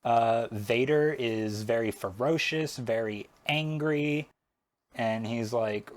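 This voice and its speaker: A man's voice: mid-range voice, slow pace. A man vlogging while he paints, recapping a film in a sarcastic, rambling way full of "like".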